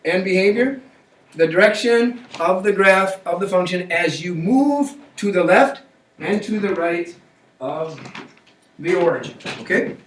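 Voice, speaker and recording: High-voiced and animated, this man lectures a math class at an unhurried pace, nudging students forward with regular check-in questions. Captured from a distance in an echoey classroom, the audio carries slight background noise.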